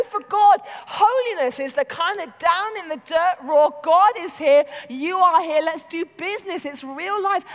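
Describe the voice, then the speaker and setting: A woman preaching a sermon in an animated, chatty way, peppering her talk with "like". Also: sits high. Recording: long hall reverb.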